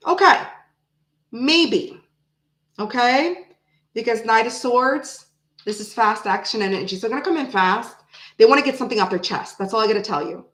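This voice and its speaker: A woman's voice: on the high side, expressive, normal speed, fairly bright tone, reverberant, poor audio. A woman doing a casual tarot reading to the camera, thinking aloud and repeating her phrases as she pulls cards. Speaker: tarot reader.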